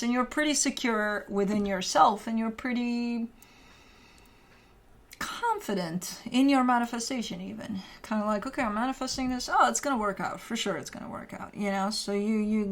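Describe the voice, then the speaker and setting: A woman's voice: mid-range voice, a bit bright. Casual female tarot reader, talks off the cuff, meandering and filler-heavy. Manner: rambling, filler-heavy, chatty. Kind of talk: casual tarot reading to camera.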